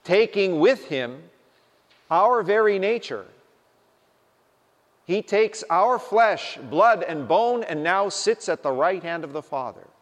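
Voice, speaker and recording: A man delivers a sermon slowly and deliberately, leaning on his words for emphasis. His voice sits a little high for a man. It rings out with a long hall reverb behind it. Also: expressive. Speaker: preacher.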